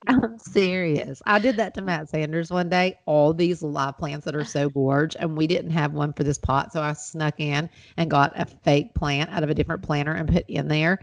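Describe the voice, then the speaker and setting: A middle-aged woman co-hosting a podcast, chatting in a relaxed, amused way. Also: deep voice, moderate pace, creaky, hardly any pauses, dry recording. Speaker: podcast co-host. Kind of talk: casual chat.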